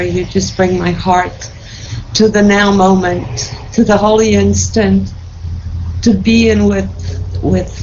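A woman's voice: medium pitch, darkish tone, lo-fi sound, slight background noise. A woman sharing an emotional spiritual testimony in a group, fervent and tearful with joy, repeating her thanks and blessings.

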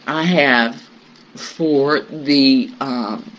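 A group member sharing personal news in a meditation group, halting and reflective, with many pauses and fillers. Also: medium pitch, a bit bright. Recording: muffled recording with faint hiss.

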